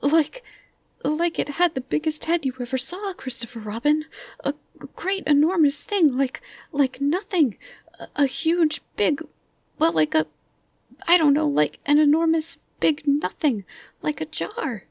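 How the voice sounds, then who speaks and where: A woman voicing a timid, frightened little male piglet who stammers in a high squeak. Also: a little slow, creaky, a little mellow, dry recording.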